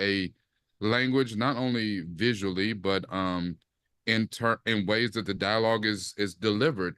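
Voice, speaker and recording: A man co-hosting a podcast, talking casually about a TV series and acting out quoted lines in lively bursts. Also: lowish voice, no echo. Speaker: podcast co-host. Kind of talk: casual chat, TV review.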